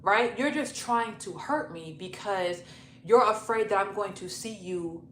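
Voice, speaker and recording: A young woman telling a personal story in a casual, animated, profane vlog style. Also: medium pitch, unhurried. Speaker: YouTube storyteller. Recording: roomy echo, faint noise.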